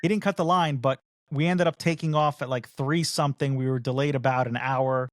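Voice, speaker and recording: A man's voice: medium pitch, fairly quick, no echo. Dry, close-sounding man telling a story. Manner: animated storyteller who acts out the other people in his story. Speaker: podcast co-host. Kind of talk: casual chat.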